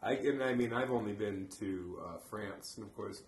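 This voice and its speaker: A man's voice: on the low side, normal speed. A man co-hosting a casual podcast, joking crudely and laughing often. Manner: loose, crude and laughing, with sudden bursts of loud delivery. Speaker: podcast co-host. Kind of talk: casual joking chat among friends. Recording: echoey room with faint hiss.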